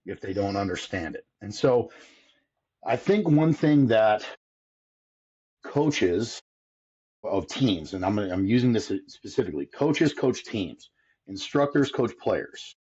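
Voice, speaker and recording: A man's voice: fairly low pitch, expressive, takes it slowly, pauses often, darkish tone, breathy edge, muffled recording. A man who teaches hitting, talking in a casual interview with an emphatic, explaining manner. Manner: emphatic, explains with repeated phrasing. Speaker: hitting instructor, podcast guest.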